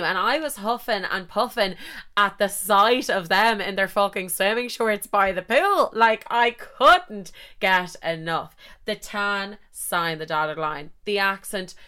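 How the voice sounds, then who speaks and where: A young woman in her twenties, a podcast host telling a story in casual chat, animated and swearing freely. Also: medium pitch, smooth.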